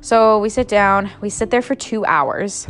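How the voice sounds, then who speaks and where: A woman's voice: medium pitch, unhurried, fairly bright tone. A young adult woman casually telling a story on a podcast, filling her talk with "like" and swearing freely. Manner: chatty, heavy use of "like", swears freely.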